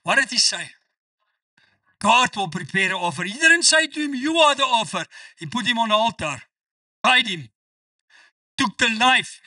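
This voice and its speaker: A man preaching with a high, very lively voice that swoops up and down as he stresses his points. His tone is bright and sharp, and he sounds a little far from the mic in a dry space. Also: no room sound. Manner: emphatic preaching, quotes scripture with slow stressed delivery. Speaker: pastor. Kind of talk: sermon.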